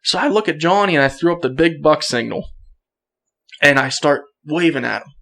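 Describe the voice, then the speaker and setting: A young man on a podcast telling a story casually, acting out quotes with bursts of excitement and frequent laughs. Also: on the high side, moderate pace, gravelly. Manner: animated, acts out quotes, laughs often. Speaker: podcast guest.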